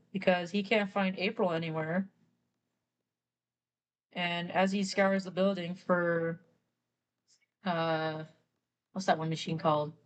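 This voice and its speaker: A woman's voice: on the low side, a little hiss or hum, poor audio. A young woman artist chatting casually while drawing on stream, rambling through a story with lots of fillers.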